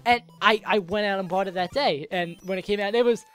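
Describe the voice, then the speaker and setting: A man's voice: sits high, a little fast, fairly bright tone, smooth, soft background music. A young man answering viewer questions in a casual, joking, rambling way while playing a game, coming down with a cold and a sore throat. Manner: rambling, joking, self-interrupting.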